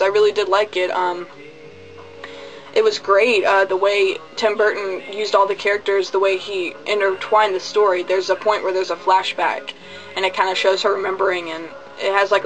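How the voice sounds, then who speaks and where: A man's voice: high-pitched, a bit bright, low-quality recording. A man giving a casual spoken movie review, chatty, goofy and full of profanity. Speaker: video reviewer.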